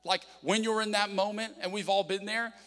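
A man's voice: sits high, steady tone, brisk, pushed and bright, in a large hall. A young adult man preaching a sermon as pastor, conversational and emphatic, often voicing prayers aloud. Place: church hall.

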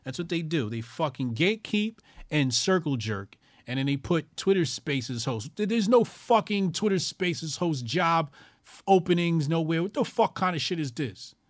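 A man's voice: a little high, expressive, normal speed, no echo, clean studio sound. A man hosting his own commentary show, ranting crudely with constant swearing, mocking people and repeating lines for emphasis.

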